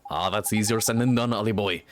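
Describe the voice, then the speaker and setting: A man's voice: fairly low pitch, fairly quick, slight background noise, voice pushed down, natural voice. Drippy, a man doing a chatty fairy sidekick. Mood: chummy. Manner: chummy, slangy, rambling. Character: cheeky chatty little male fairy sidekick.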